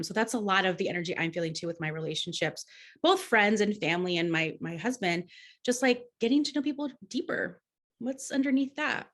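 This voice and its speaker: Woman, podcast co-host, easygoing astrology chat, talkative with many restarts, medium pitch. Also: fairly quick, fairly bright tone. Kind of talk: casual chat about astrology.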